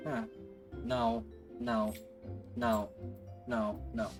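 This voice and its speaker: A man's voice: fairly low pitch, level tone, extremely slow, over music. A man streaming a game, joking with chat in casual commentary. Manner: joking, laughing, talks to chat.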